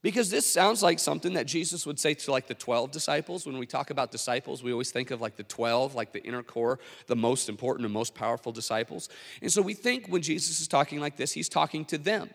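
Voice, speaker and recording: A man preaching a sermon as a pastor, telling stories in a conversational, animated way with many fillers. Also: medium pitch, quick pace, creaky, big-room sound.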